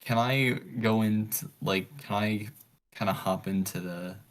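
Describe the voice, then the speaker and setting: A man's voice: fairly low pitch, fairly even intonation, measured pace, rough recording. A man playing a tabletop game over a call, polite and curious, asking questions. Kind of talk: casual chat.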